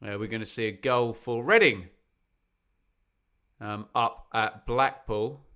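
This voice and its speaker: Bright, chatty man hosting a stream. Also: fairly low pitch, takes it slowly, smooth. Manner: chatty, jokey, bursts into snatches of song. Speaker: football watch-along host. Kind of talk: live-stream chat reading out viewers.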